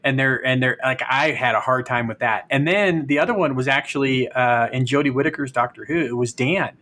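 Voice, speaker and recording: A man's voice: medium pitch, brisk, bright, forceful tone, a little hiss or hum. A man from California, co-hosting a podcast, telling chatty stories with frequent stammered restarts. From California, United States. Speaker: podcast co-host. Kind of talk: casual podcast chat.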